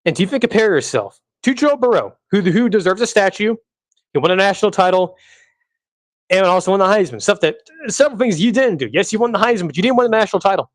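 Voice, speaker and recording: A man's voice: high-pitched, expressive, fast, no room sound. A man hosting a solo sports podcast, ranting angrily and with profanity, often repeating himself. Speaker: podcast host. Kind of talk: heated solo podcast rant.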